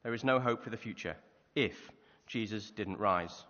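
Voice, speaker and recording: A man with a fairly low voice gives a sermon at a moderate pace in a church hall, telling vivid stories and asking rhetorical questions of his listeners. It's a muffled, reverberant hall recording.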